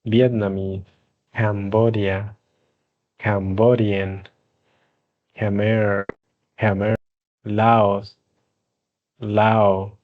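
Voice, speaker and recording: A man with a Spanish-speaking accent teaching English pronunciation, saying each word slowly and distinctly. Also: fairly low pitch. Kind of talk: slow pronunciation drill, listing words. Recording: dull lo-fi sound.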